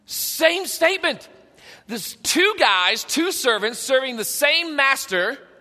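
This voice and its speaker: A man preaching a sermon in an emphatic way, swinging between loud passages and hushed ones. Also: extremely high pitch, big pitch swings, slow pace. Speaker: pastor. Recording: long hall reverb.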